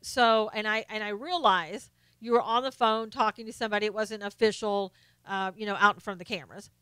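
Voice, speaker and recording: A woman's voice: mid-range voice, steady tone, brisk, bright, forceful tone, smooth, no room sound. A woman hosting a political commentary live stream. She is blunt and opinionated, lists her points one by one, and answers viewers' comments by name.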